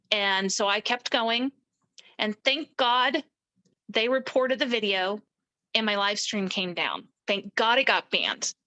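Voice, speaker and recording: A middle-aged woman telling her personal story as an interview guest, animated and acting out the voices of people she quotes. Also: on the high side, rough recording. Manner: animated, acts out quoted speech.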